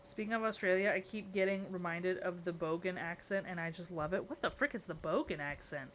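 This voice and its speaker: A woman's voice: on the low side, a little fast, a little hiss or hum. A woman streamer chatting casually with her viewers and talking to herself as she builds in a game, playful and rambling. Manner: chatty, talks to herself and chat, playful muttering.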